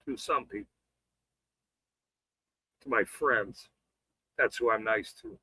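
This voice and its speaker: A man ranting on a livestream, profane and taunting, swinging between shouting and muttering. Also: fairly low pitch, slow, breathy edge, no room sound, low-quality recording. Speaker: livestream host.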